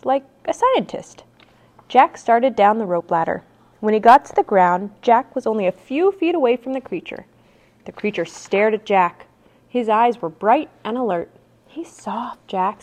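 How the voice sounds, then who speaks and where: A mother reads a children's storybook aloud with an animated, expressive delivery. Her voice sits somewhat high. Her pitch rises and falls in wide, lively swings. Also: moderate pace.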